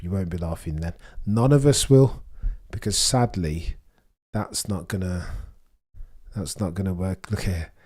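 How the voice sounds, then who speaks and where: A man's voice: low voice, darkish tone, breathy edge. A young man hosting a live stream, chatting casually and joking with his chat while reacting to the action.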